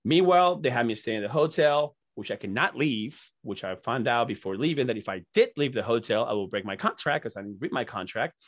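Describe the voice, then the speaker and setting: A young man telling excited, profane stories as a podcast guest, laughing often. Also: medium pitch, a little fast, few pauses. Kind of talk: casual storytelling.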